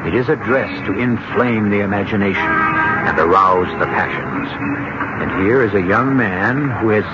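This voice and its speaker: A man hosting and narrating a radio mystery drama in a wry, measured way. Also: lowish voice. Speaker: host and narrator. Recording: hissy lo-fi radio broadcast.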